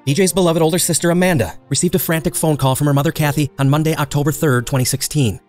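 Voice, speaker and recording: Fast-paced male true crime narrator. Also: on the high side, steady tone, darkish tone, soft background music. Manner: brisk, measured storytelling. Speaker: podcast host and narrator.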